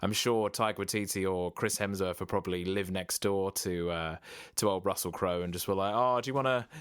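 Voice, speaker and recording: A man's voice: low voice, little pitch movement, normal speed, clean tone, no echo, clean studio sound. A man co-hosting a podcast, chatting casually with plenty of fillers and restarts. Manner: rambling, hesitant, lots of fillers. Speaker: podcast co-host. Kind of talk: casual chat.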